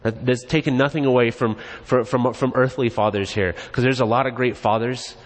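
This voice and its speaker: A man's voice: mid-range voice, fairly quick. Man preaching in a reverberant church. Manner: casual, joking, animated. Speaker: pastor. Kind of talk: conversational sermon. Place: church sanctuary. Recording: long reverb in a church hall.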